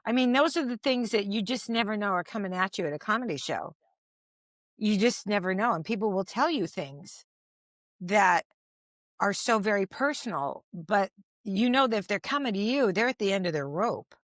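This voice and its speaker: Older woman, lively anecdotal comedian. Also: mid-range voice, moderate pace, dry recording, clean studio sound. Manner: animated, laughing, self-deprecating anecdotes. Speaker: comedian guest. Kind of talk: conversational storytelling.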